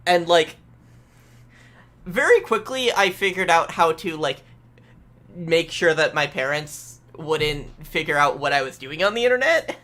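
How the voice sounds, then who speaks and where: Bright-voiced rambling young guest. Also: medium pitch, animated, unhurried. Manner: rambling, stammering restarts, casual swearing. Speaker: guest co-streamer. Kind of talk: casual chat.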